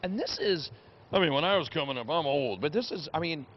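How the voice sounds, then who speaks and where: A man reporting live for a morning TV show from a training shop, energetic and exclamatory as he interviews a guest. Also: a little high, brisk, muffled recording, a little hiss or hum.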